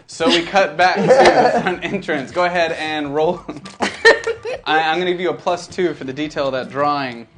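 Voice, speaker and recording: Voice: medium pitch, normal speed, heavy background noise. Laughing tabletop game master.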